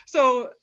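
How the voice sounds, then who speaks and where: A woman's voice: very high-pitched, bright, forceful tone. A woman guest telling stories in a casual, chatty way, often adding "like" and "right?" and laughing. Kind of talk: casual storytelling.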